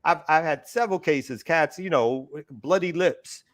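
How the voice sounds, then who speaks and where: Earnest man arguing a point. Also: fairly high pitch. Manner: earnest, fast-building argument with repetitions. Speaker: morning show co-host. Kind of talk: casual political chat.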